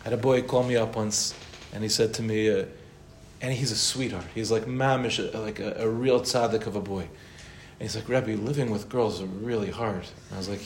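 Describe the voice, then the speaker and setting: A man's voice: lowish voice, steady tone, normal speed. A man, a rabbi, giving an informal Torah class in a conversational way, mixing in Hebrew and Yiddish terms. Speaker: rabbi answering questions. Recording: roomy echo with faint noise.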